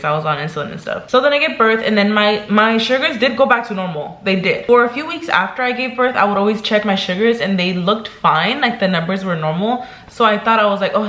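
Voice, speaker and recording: A woman's voice: medium pitch, a bit bright, reverberant. A young woman vlogging in casual chat, talking chattily and emotionally, filling her talk with "like" and "girl".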